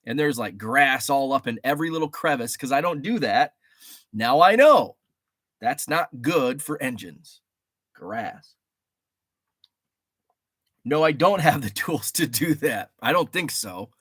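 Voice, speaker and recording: A man hosting a casual livestream from a home studio, his voice swinging widely in pitch as he rambles and calls out viewers in the chat. He sounds a little stuffy from allergies, and the studio mic gives a close, dry sound with no room echo. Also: a little slow, long pauses, husky. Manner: rambling and animated, reading chat names aloud with greetings. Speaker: livestream host.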